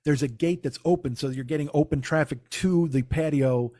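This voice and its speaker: Warm and a little high, this man's voice moves at a moderate pace as the comedian-podcaster spins a long casual story. He rambles, restarts often, and relays dialogue as "I go, he goes."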